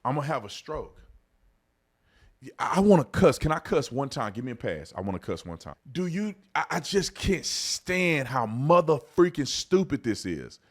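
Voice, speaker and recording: A man hosting an online commentary video, ranting heatedly and swinging between shouting and low muttering. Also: sing-song, normal speed.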